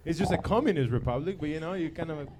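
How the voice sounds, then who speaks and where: Rambling, laughing man with a lively voice. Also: a little high, fast, noisy background. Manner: rambling, laughing, crude jokes. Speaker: comedy debater. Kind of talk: improvised comic debate.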